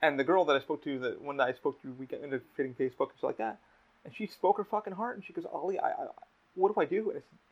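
A man's voice: mid-range voice, rapid-fire, muffled recording. A young man hosting a podcast, talking emotionally in casual chat, swearing often and restarting his sentences. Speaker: podcast host.

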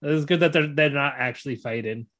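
A man's voice: on the high side, brisk. A man co-hosting a podcast in casual chat, retelling scenes with lots of laughs and restarts. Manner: animated retelling, acts out characters' lines with laughs; many fillers and restarts. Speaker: podcast co-host.

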